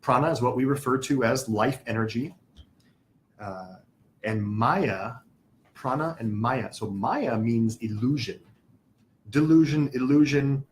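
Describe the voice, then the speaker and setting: A man's voice: medium pitch, measured pace, slight background noise. A man teaching a spiritual class, patiently explaining terms, spelling words out and asking the class questions.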